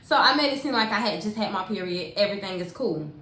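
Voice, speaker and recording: A young woman telling a personal story in a casual, animated way, using lots of slang and talking straight to her viewers. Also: medium pitch, fast talker. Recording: echoey room with faint hiss.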